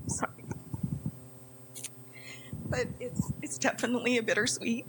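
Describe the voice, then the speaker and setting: An older woman giving emotional, halting farewell remarks at a city council meeting, close to tears. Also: fairly high pitch, steady tone, background noise. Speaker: retiring city employee.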